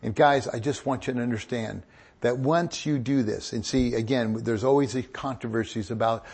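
A middle-aged man preaches with a husky, slightly breathy voice. He swings from quiet asides into loud, emphatic bursts and keeps the room laughing along with him. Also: mid-range voice, unhurried. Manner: animated, joking preacher with rising emphatic bursts. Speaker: pastor. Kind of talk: sermon.

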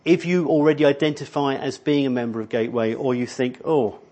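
A man's voice: medium pitch, fast talker, dark tone. Middle aged guy pastor giving a sermon in a church hall, easygoing, keeps restarting sentences. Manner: conversational, rambling with frequent restarts and ums.

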